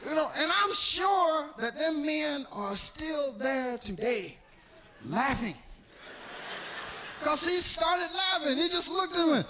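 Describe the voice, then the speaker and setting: A male stand-up comedian with a high, bright voice. He tells stories in an animated, profane style and acts out the people in them. His pitch swings widely, and faint noise sits behind him. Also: takes it slowly. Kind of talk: stand-up storytelling.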